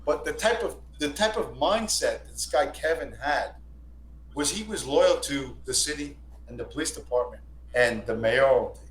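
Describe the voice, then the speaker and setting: A man with a somewhat high voice tells rambling, profane stories and keeps circling back to repeat himself. He sounds like he is in an echoey room, with a faint hum behind him. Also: expressive, moderate pace. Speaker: stream guest. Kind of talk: casual storytelling.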